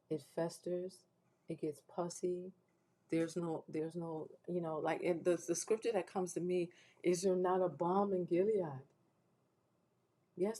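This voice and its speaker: Low mellow woman livestreaming, earnest preachy encouragement, keeps restarting, emotional. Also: steady tone, unhurried, slight background noise, low-quality recording. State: emotional, close to tears. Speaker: host of a faith-based livestream. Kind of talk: heartfelt spoken appeal to viewers.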